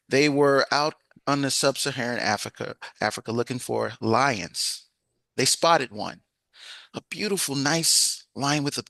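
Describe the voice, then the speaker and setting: A man presiding over a club meeting with a bright, ringing tone. He tells a story with lively pacing and stumbles over a few words. The sound is close and dry, with no room echo. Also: medium pitch. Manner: lively storyteller with small restarts. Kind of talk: casual meeting chat and joke telling.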